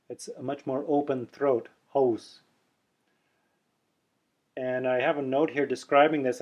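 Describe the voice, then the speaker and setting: A man gives a pronunciation lesson at a patient, unhurried pace, stretching and repeating each vowel sound. His voice sits in an ordinary middle pitch. The recording is somewhat dull and lo-fi. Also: a little mellow. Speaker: teacher. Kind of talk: instructional explanation.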